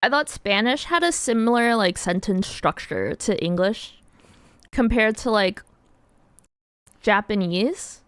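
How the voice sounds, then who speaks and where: A woman's voice: mid-range voice, expressive, slow pace, pauses often, clean tone, dry recording, studio quality. A young woman streaming while she draws, chatting casually and giggling as she answers her chat.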